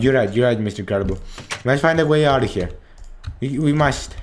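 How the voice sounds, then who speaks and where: A man commentating a horror game, swearing freely and breaking into panicked shouts at the scares. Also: mid-range voice, fast, slight background noise. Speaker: gaming channel host.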